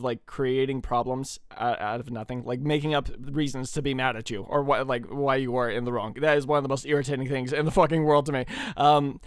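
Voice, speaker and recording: A man giving casual, rambling commentary, swearing often and stumbling over fillers as he reacts. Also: medium pitch. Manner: profane, rambling, hesitant with many fillers. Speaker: commentary streamer.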